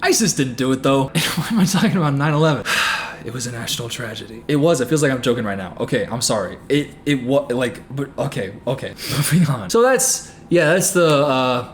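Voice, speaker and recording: A man's voice: medium pitch, big pitch swings, brisk, a little hiss or hum. A man giving casual commentary, sarcastic and often laughing mid-sentence. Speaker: commentary YouTuber.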